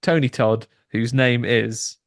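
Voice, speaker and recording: A man on a podcast, recapping a film in a rambling, animated way with lots of restarts. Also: mid-range voice, takes it slowly, no room sound, clean studio sound. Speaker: podcast co-host. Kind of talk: casual chat recapping a film.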